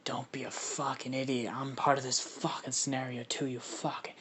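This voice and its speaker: A man's voice: medium pitch, level tone, moderate pace, a bit bright, a little hiss or hum, natural voice. A man voicing a vicious, foul-mouthed male alien symbiote in a growling whisper, as whispered role-play. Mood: irritated. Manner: growling, swearing.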